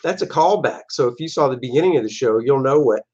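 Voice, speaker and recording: Flipping through pages of his own comic, this male artist and show host chats in an animated, easygoing way and frequently voices his characters. He speaks quickly in a husky, mid-range voice, captured on a dull, lo-fi recording.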